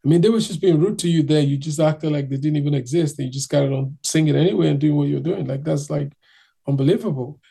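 A man's voice: a little high, fast talker, vocal fry, dark tone, breathy edge. A man from Nigeria telling his own story in casual chat, acting out other people's voices as he goes.

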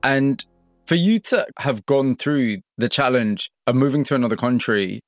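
A male radio presenter narrating a documentary segment in a measured way and asking empathetic questions. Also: mid-range voice, lively intonation, dry recording, soft background music. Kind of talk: scripted narration and interviewing.

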